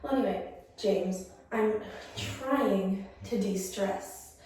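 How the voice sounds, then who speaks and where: A woman's voice: medium pitch, slow, a little mellow, far from the mic, lightly acted. A woman playing a bratty, fed-up mermaid princess stuck in quarantine, talking on a sketch video call. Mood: whiny. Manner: bratty, exasperated. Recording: roomy echo, recorded away from the mic.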